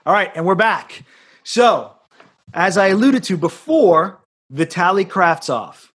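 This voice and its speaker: Male host, high and lively pitch, playful and teasing. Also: slightly rough. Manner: jokey, playful, quick to laugh. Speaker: podcast host. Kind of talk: casual chat.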